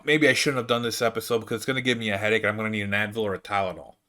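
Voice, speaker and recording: A man's voice: lowish voice, fairly even intonation, racing, bright, forceful tone. A man with a Brooklyn accent hosting a casual comedy monologue, rambling and exasperated, with lots of restarts. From United States. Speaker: comedian podcast host.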